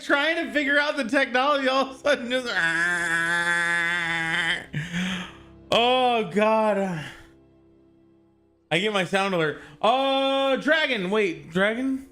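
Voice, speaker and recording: Excitable streamer with a bright, lively voice. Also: medium pitch, slow pace, long pauses, faint music behind. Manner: excitable, swears and laughs often. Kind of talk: live-stream chat.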